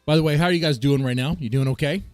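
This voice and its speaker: A man's voice: fairly high pitch, very fast, darkish tone, no echo. A man streaming live, reacting with bemused chatter to his viewers and stammering when surprised. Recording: dry close mic with faint guitar music.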